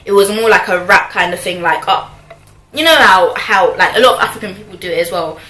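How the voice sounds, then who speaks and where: A woman's voice: mid-range voice, lively intonation, fairly quick, pushed and bright. Chatty young woman in an echoey room. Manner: chatty, slangy, lots of fillers and asides. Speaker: vlogger. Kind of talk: casual storytelling to camera. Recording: echoey room with faint noise.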